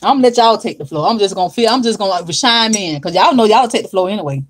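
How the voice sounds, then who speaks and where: A woman's voice: mid-range voice, animated, fast, husky. Woman, livestream host, casual chat, drawling, greets viewers by name, at home. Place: home, at her makeup desk.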